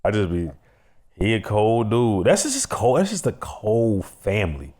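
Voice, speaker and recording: Animated Chicago man joking with a co-host. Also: fairly low pitch, moderate pace. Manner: animated, laughing, playful banter. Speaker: podcast co-host. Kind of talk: casual comedic chat.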